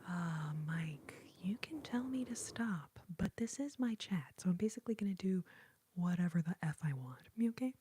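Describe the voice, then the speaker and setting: A young woman from Texas chatting in a soft whisper on an ASMR live stream, answering her viewers. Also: fairly low pitch, lively intonation, moderate pace, a little hiss or hum. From Austin, Texas.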